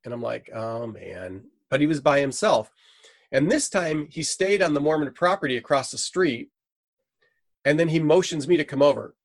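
A man's voice: fairly high pitch, normal speed, creaky, no echo. Middle-aged man telling a story, dry. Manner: animated, acts out quoted dialogue. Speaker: missionary guest. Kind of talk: conversational storytelling.

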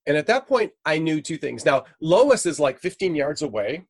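A man's voice: a little high, moderate pace, slightly rough, dry recording. A middle-aged man, a missionary guest, telling a story in conversation and acting out the quoted lines with energy. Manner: animated, acts out quoted dialogue.

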